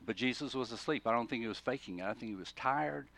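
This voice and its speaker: A pastor with a gravelly, mid-range voice preaches a sermon at a quick pace. He tells the story animatedly, swinging between quiet asides and loud, emphatic bursts, and often restarts words mid-thought.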